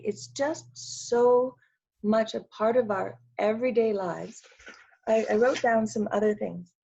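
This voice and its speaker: Canadian woman, earnest, measured pace, husky, muffled call sound. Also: mid-range voice, a little mellow. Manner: earnest, measured, slows down for emphasis. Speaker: guest. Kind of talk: conversational interview.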